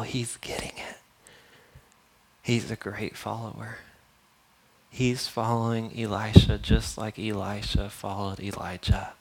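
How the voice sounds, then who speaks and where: A man preaching a sermon, retelling a Bible story in a casual, conversational way with asides to his congregation. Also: fairly low pitch. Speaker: pastor.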